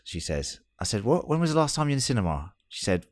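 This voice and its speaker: A man's voice: on the low side, big pitch swings, quick pace, no echo. A man in his thirties hosting a casual podcast chat, bantering and swearing freely. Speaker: podcast host.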